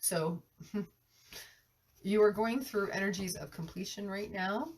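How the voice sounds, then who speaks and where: Unhurried and medium-pitched, a woman gives an earnest live tarot reading while fighting a cold and coughing. She often restarts her sentences as she describes energies she senses, recorded from a distance with slight background noise.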